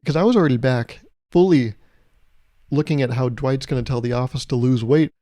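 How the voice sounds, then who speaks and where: Mellow-voiced man ranting on his podcast. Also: medium pitch, brisk, dry recording. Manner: animated, exasperated rants with swearing and laughs. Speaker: podcast host. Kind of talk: casual comedic storytelling monologue.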